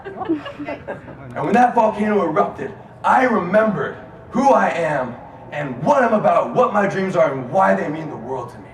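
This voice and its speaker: A man giving an inspirational speech to a live audience in a student lounge, rousing the crowd into call-and-response chants and swinging between loud and hushed delivery. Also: high-pitched, sing-song, measured pace. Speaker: motivational speaker. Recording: roomy, distant mic, audience and room noise.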